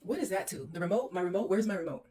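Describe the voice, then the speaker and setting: A woman's voice: fairly low pitch, rapid-fire, background noise. A woman hosting a walkthrough vlog, exasperated and ranting as she films indoors in a condo on a handheld phone. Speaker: host.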